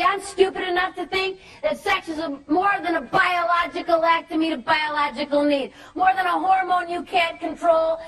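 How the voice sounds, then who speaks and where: High-voiced woman preaching to students. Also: recorded from a distance, rough recording. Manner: emphatic, preachy, with shouted stresses and slow drawn-out points. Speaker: youth speaker. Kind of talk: impassioned religious talk to students.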